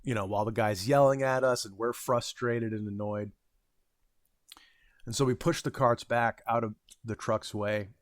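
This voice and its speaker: A man's voice: mid-range voice, fairly even intonation, moderate pace, no room sound, studio quality. A man in his thirties casually telling a rambling, self-deprecating story about his retail job, with frequent fillers and restarts. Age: 30s. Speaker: vlogger.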